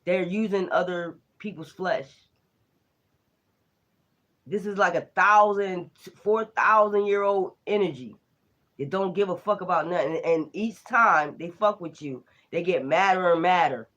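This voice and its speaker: Animated, laughing, profane tarot reader. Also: medium pitch, unhurried, lo-fi sound. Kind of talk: casual spiritual reading.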